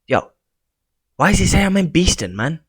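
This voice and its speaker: A young man from England, rambling through casual vlog commentary and reading haltingly off his screen. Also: on the high side, sing-song, husky, no room sound. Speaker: YouTuber.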